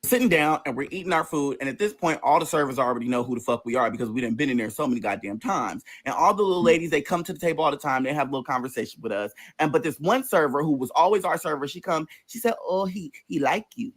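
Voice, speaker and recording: A man's voice: a little high, quick pace, hardly any pauses. Sassy, profane male storyteller. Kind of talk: casual storytime.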